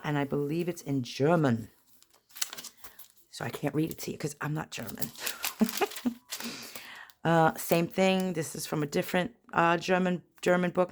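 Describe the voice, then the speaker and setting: A woman's voice: low-pitched, creaky, slight background noise. A woman casually narrating a flip-through of her handmade journal, with chatty, rambling, self-deprecating asides. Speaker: junk journal crafter. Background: paper rustling and crinkling.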